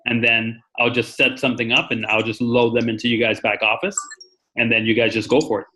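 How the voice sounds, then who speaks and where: A man's voice: medium pitch, little pitch movement, a little fast, bright, forceful tone, slight background noise, poor audio. A man hosting a conference call, chatty and rambling, with many fillers and restarts. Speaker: meeting host. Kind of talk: casual conference call talk.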